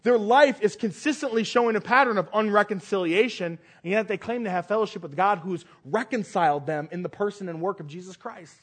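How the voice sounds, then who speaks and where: High-voiced man preaching with emphasis. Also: brisk, hardly any pauses, slightly rough. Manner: emphatic preaching with repeated phrases and big swings between loud and quiet. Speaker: pastor. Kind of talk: sermon.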